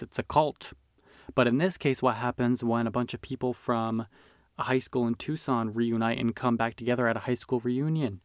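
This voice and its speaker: A man's voice: medium pitch, dry recording, clean studio sound. A man hosting a film podcast, talking casually and enthusiastically with lots of fillers. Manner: chatty, enthusiastic, filler-heavy. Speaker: podcast host reviewing films. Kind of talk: casual chat.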